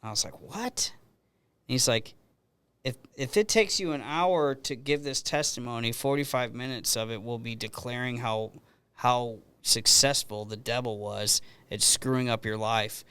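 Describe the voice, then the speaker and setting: A middle-aged man hosts a podcast and talks in a loose, rambling way, circling back and restarting his sentences. His voice is smooth and resonant, at an ordinary pitch. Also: moderate pace, sharp tone, dry recording. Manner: rambling storyteller with frequent restarts. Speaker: podcast host. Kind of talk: casual conversational interview.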